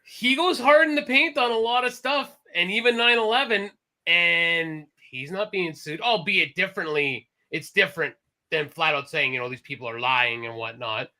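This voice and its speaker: This podcast co-host is a man with a high-sitting voice who speaks at normal speed. He rambles through a casual talk-show chat, animated and correcting himself as he goes.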